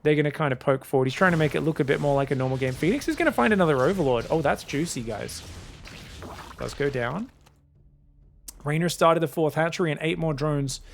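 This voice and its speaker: A man casting a strategy game match solo, excitable and chatty, often calling out to his viewers. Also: a little high, creaky. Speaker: esports caster.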